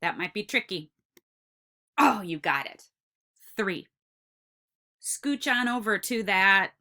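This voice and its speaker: Teaching kindergartners in a recorded lesson, a woman with a medium-pitched voice talks slowly and encouragingly, stretching her words out for the children. Her delivery is bright and lively, rising and falling in big swoops.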